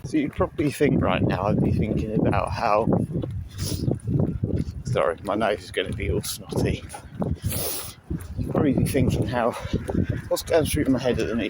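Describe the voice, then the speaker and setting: Low-voiced man chatting outdoors. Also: lively intonation, normal speed, pauses often. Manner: rambling, chatty, full of fillers. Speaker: vlogger. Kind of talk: casual vlog chat. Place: outdoors on a seaside promenade. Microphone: handheld phone. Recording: loud outdoor background noise.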